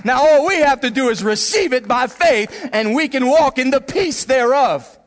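A man preaching from the pulpit. His voice sits high and light, and he is animated, slipping into playful voices to act out little scenes and laughing along the way. A long reverb trails off the church hall around him. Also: moderate pace. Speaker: pastor. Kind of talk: sermon.

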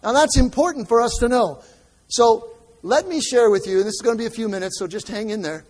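A man's voice: very high-pitched, brisk. A man preaching as pastor, speaking to the congregation in a friendly, direct way. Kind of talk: sermon. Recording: long hall reverb.

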